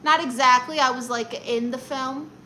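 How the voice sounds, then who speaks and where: A bright, sharp-toned woman with a Brooklyn accent, chatting casually on a live stream as she reads out comments. She teases and roasts her viewers in a sassy, playful way, her voice sitting a touch high, with a faint hum underneath. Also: fairly even intonation, normal speed, low-quality recording. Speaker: live-stream host reading chat.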